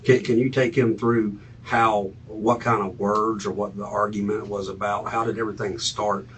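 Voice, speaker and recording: A male police detective asking calm, halting questions in an interview room. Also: on the low side, slight background noise. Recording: distant mic with faint room ambience.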